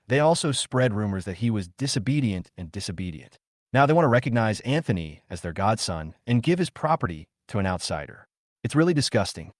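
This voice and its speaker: A man narrates a scripted drama story in a steady storytelling manner. His voice sits low and swings widely in pitch. The recording is close and dry, with no room sound. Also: no echo.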